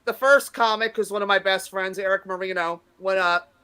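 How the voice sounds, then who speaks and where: Woman stand-up in her 50s, bright forceful voice, brash and foul-mouthed, acts out her stories. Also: mid-range voice, steady tone, moderate pace, clear, resonant tone. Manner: brash, profane, acts out quotes loudly. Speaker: stand-up comedian, guest. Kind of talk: casual interview storytelling.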